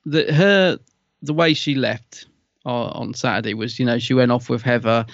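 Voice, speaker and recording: A man's voice: mid-range voice, normal speed, no room sound. Hesitant man, dull dry recording. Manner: hesitant, conflicted, restarts often. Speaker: podcast co-host. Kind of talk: casual review chat.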